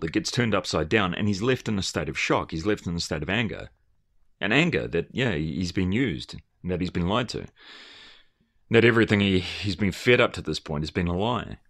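Man, low voice, lots of pitch movement, earnest emphatic monologue, stumbling restarts. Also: gravelly, a bit bright. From Australia. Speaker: commentator. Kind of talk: rambling video commentary.

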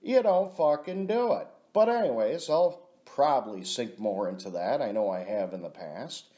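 This middle-aged man's medium-pitched voice is mellow and animated at a moderate pace as he tells a meandering personal story in a casual vlog. He swears a lot and dubs himself "your buddy."

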